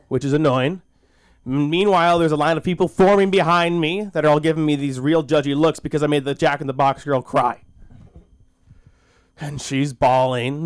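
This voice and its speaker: A man working a small comedy school stage at an open mic, rambling through his set with stops and restarts. His voice comes across smooth and clean, close and dry on a handheld mic. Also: medium pitch, dry recording. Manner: rambling, halting, with frequent restarts; self-deprecating and goofy. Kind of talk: stand-up comedy and recited monologue at an open mic.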